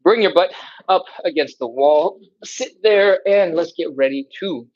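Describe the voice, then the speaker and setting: A man leads a live stretching workout, calling cues and counts with lively energy while he does the moves himself. His voice sits a little high, and he sighs and puffs through the effort. The sound is dull and lo-fi. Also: measured pace. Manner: breathing hard, sighs and grunts while stretching along. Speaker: fitness instructor. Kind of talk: live stretching class instruction.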